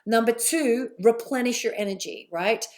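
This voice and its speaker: A middle-aged woman with a British accent, giving a candid, chatty live online talk as a coach, with asides and a lively delivery. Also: a little high, normal speed.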